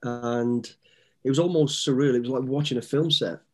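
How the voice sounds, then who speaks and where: A man's voice: mid-range voice, steady tone, normal speed. A man in his fifties, a guest telling easygoing, rambling stories with frequent restarts. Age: 50s. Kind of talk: casual storytelling interview.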